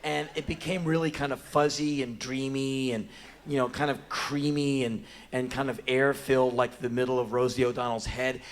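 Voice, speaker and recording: A man's voice: mid-range voice, fairly bright tone, a little hiss or hum, natural voice. A man voicing a dazed, dreamy woman giving her testimony in a drifting, spacey way.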